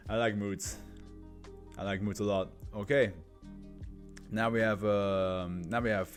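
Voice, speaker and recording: A man's voice: fairly low pitch, little pitch movement, normal speed, faint music behind. A man reading a story aloud who breaks off for chatty, laughing asides. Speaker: story reader. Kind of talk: casual reading aloud with character voices.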